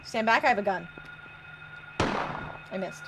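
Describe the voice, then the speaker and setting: A woman's voice: mid-range voice, lively intonation, slow pace, heavy background noise. A young woman from the US Midwest streaming a game, chatting casually and reading chat aloud, drawling with a put-on southern twang. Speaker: VTuber streamer.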